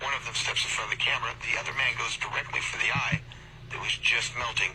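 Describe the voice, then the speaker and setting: Flat male narrator on noisy audio. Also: mid-range voice, fast. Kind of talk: clip narration. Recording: noisy, radio-like clip audio.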